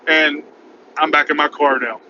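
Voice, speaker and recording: A man's voice: a little high, fairly even intonation, moderate pace, sharp tone. Frantic rambling man in a car. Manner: rambling, frantic, repeats "oh my God". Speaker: vlogger. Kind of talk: casual storytelling vlog. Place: in his car by a highway. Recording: muffled with road noise.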